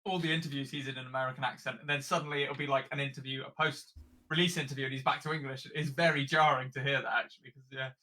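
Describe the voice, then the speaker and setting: A man's voice: medium pitch, flat delivery, fast, pushed and bright. A man hosting a casual interview chat, laughing often and asking easy questions. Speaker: host.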